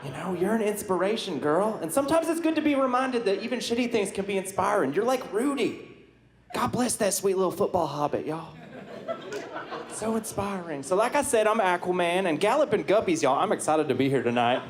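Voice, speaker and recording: A roast comic plays a flamboyant southern sea superhero on a comedy club stage, all sassy Southern drawl and folksy catchphrases. His voice sits high, pitched above his own, with lively intonation and a slightly fast pace. Laughter rings through the echoey club.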